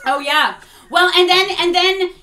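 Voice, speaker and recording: A woman with a high, bright voice chats casually about films, animated, switching into exaggerated mocking quotes. The room adds a noticeable echo. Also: measured pace. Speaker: podcast host. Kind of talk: casual review chat.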